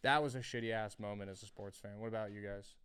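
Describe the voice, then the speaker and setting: Smooth-voiced young man telling stories. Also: on the low side, fairly even intonation, fast, fairly bright tone. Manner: loose, joking storyteller, swears freely. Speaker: podcast co-host. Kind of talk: casual chat.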